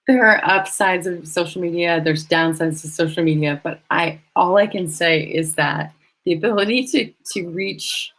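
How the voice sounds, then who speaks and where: A woman's voice: lowish voice, normal speed, fairly bright tone, poor audio. A woman hosting a casual live stream from a hotel room, emotional and effusive as she thanks her viewers. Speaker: livestream host.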